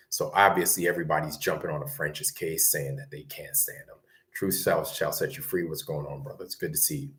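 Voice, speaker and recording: A very low-pitched man from Brooklyn tells a story in a loose, conversational ramble. He keeps checking in with his listener as he goes, in the easy tone of casual talk. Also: normal speed. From Brooklyn, New York. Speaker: guest recounting military service.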